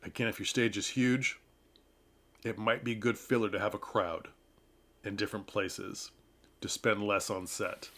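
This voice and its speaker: A man's voice: on the low side, fairly bright tone. A man reviewing a play in a casual talk, chatty and advice-giving, laughing often and slipping into playful mock voices. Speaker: theater reviewer. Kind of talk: casual talking-head commentary.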